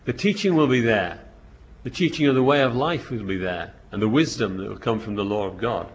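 A man's voice: lowish voice, brisk. A man preaching a sermon, reading scripture verses aloud and then explaining them, with frequent restarts and bursts of emphasis. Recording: dull lo-fi recording.

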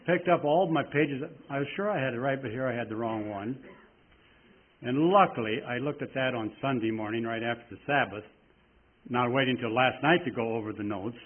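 A man gives a folksy sermon, wandering into asides and then leaning hard into slow scripture reading. His mid-range voice comes through thin and tinny, like a phone line. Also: mid-range voice. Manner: folksy and rambling, reading scripture slowly with emphasis. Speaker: preacher.

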